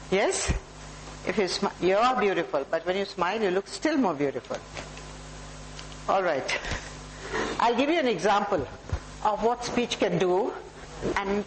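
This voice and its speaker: A woman with a mid-range voice and an Indian English accent gives a live motivational talk to a small audience in a talk room. She engages people directly, warmly addressing audience members by name. The recording is rough, with room tone and a faint hiss.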